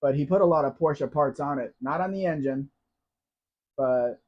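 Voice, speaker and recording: A man's voice: fairly high pitch, moderate pace. An American man hosting a casual live Q&A, chatting and reading viewer comments aloud. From United States. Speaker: live stream host. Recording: dull lo-fi sound.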